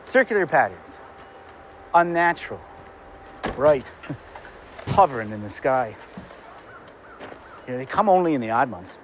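An actor playing an eerie, cryptic gas station attendant, delivering slow, portentous phrases in a played TV clip. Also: male voice, mid-range voice, big pitch swings, fairly bright tone, a little hiss or hum. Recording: TV clip with faint music.

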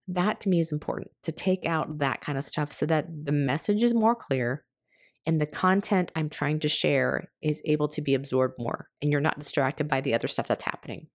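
Female podcast host, low voice, chatty and reflective, dry studio sound. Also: dry recording. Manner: chatty and self-reflective, quick with asides.

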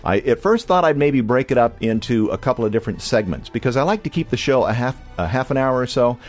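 A man's voice: mid-range voice, animated, quick pace, soft background music. A man from California hosting a podcast in a casual, rambling monologue with many restarts. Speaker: podcast host.

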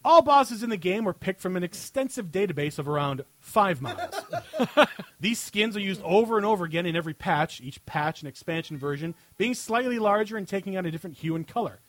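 Reading a satirical piece on his podcast, a male host delivers it sarcastically and keeps bursting out laughing. His voice is high, animated and a bit bright, his pace a little fast, and the recording is dry.

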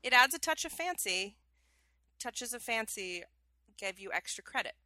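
A woman co-hosting a podcast, chatting in a lively way. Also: a little high, normal speed, no room sound. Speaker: podcast co-host. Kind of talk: casual chat.

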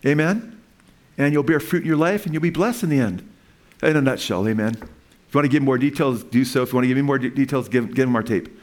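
A man's voice: medium pitch, animated, fast talker, darkish tone. A man preaching a sermon as pastor, talking in a casual, conversational way and often checking in with "amen?". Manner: conversational, tags lines with "amen?".

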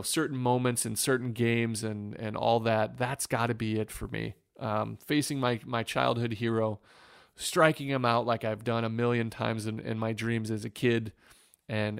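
Gravelly man telling an earnest story. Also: mid-range voice, no room sound, clean studio sound. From Northwest Ohio, USA. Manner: earnest, reflective, emotional storytelling. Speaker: former professional baseball pitcher, guest. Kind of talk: storytelling in an interview.

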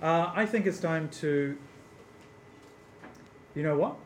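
A man's voice: a little high, takes it slowly, reverberant, a little hiss or hum. A man running a tabletop game on stage for a live audience, hesitant and full of fillers, amused. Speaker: game master.

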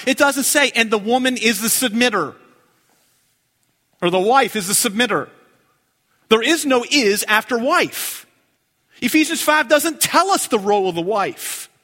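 A middle-aged male pastor preaching with a high, bright voice that swings widely in pitch. He takes his time, lingering on words, and the sound rings with long hall reverb. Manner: animated, dips into low hushed emphasis and jumps high for jokes. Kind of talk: sermon.

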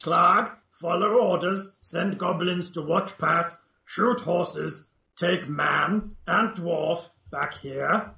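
A man's voice: fairly high pitch, extremely slow, gravelly, sharp tone, reverberant, heavily acted. A man voicing a male goblin captive who talks in broken, clipped grammar in a tabletop game. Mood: informing.

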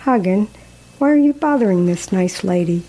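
Woman reading flustered mother, motherly, distracted, warm voice. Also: medium pitch, lively intonation, moderate pace, close to an everyday voice, low-quality recording. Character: mother of young children, flustered.

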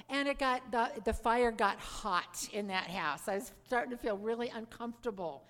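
High-voiced woman telling her testimony in a hall. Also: moderate pace, hardly any pauses. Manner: animated storytelling, acts out her own past lines; asks the audience questions. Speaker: speaker giving a conversion testimony. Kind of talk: live testimony talk to an audience. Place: church or meeting hall. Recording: long hall reverb.

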